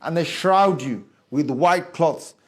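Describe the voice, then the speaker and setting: Guy preaching, high voice, goes quiet and low then builds up loud, really dramatic sermon. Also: takes it slowly, soft background music. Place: mosque hall before a gathering.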